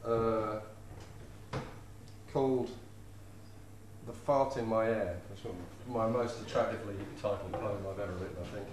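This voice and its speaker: A man's voice: fairly low pitch, measured pace, pauses often, a little mellow, distant mic, a little hiss or hum. A man, performing comic poetry live with a rhythmic, playful delivery. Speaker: poet. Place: live venue before an audience. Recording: echoey room with faint ambience.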